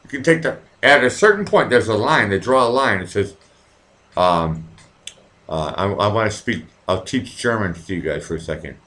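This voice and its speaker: A middle-aged American man hosts a casual livestream, talking in a lower voice that jumps around a lot in pitch. He rambles and swears freely, chatting loosely with his viewers as he drinks. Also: expressive, normal speed, fairly bright tone. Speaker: livestream host. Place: at home in Vienna.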